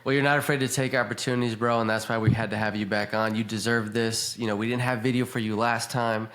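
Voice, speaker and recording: A man's voice: on the low side, little pitch movement, fast talker, fairly bright tone. A man hosting a casual podcast interview who talks in a friendly, encouraging way. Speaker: podcast host.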